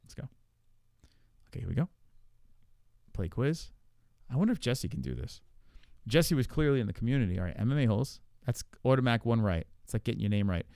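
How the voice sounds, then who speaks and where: A man hosting a casual podcast, thinking aloud while he plays a quiz, with lots of swearing, fillers and halting repeats. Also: mid-range voice, very animated, a little mellow, no room sound, studio quality. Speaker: podcast host. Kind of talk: casual chat while playing an online quiz.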